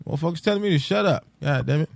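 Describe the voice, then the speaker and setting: A man's voice: on the high side, animated, rapid-fire, gravelly, no room sound. A man hosting a solo podcast, ranting casually in profane street slang with loose, rambling restarts. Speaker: podcast host.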